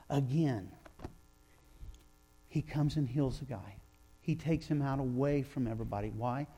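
A man preaching a sermon, retelling scripture in a storytelling way, acting out sighs and quotes and slowing down for emphasis. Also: mid-range voice, warm tone. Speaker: pastor.

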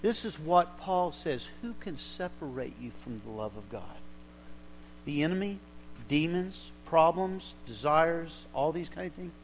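A man's voice: fairly high pitch, animated, a little slow, slight background noise, poor audio. A male pastor preaching a sermon in a church service, fervent and exhorting.

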